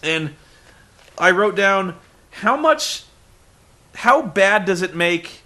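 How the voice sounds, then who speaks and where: A man's voice: a little high, bright, forceful tone. A man reviewing a wrestling show in a sarcastic, exasperated comedic recap.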